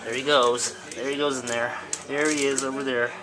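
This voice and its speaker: A man's voice: mid-range voice, flat delivery, moderate pace, crowd noise. Man cooing at his cats. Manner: chatty, coos at the cats in a raised voice. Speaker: cat owner filming his pets. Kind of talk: casual home video narration. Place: indoors at home.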